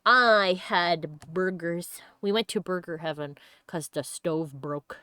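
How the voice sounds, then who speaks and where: A woman hosting a let's play, reading game text aloud and chatting casually, giggly and quick to put on silly voices. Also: fairly low pitch, bright, forceful tone, clear, resonant tone, no room sound, studio quality.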